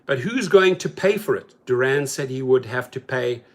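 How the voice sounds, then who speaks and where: A man's voice: mid-range voice, moderate pace. A man hosting a rideshare channel, talking casually and animatedly about a news story and acting out the people in it. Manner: animated, talks to viewers as "bro", acts out quotes.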